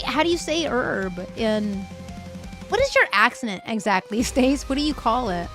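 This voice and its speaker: A young woman hosts a casual livestream and chats playfully with her viewers, reading their comments aloud as she thinks aloud. Her voice sits fairly high and she laughs often. Faint music plays softly behind her.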